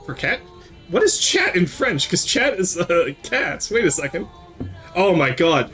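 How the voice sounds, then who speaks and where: A man's voice: a little high, moderate pace, soft background music. A young man from Quebec chatting casually on a livestream, answering viewers, cursing and laughing freely. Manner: animated, switches into French, swears and laughs freely. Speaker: streamer.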